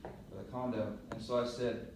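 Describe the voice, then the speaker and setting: A middle-aged man coaching on presentation skills, telling a lively story to a class and acting out the voices. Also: medium pitch, normal speed. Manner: animated storyteller, laughs and acts out voices. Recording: roomy echo, mic at a distance, faint noise.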